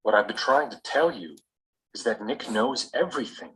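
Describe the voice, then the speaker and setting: A man's voice: medium pitch, expressive, moderate pace, a bit bright, slightly rough, poor audio. A man voicing a frustrated young man in a scripted textbook dialogue.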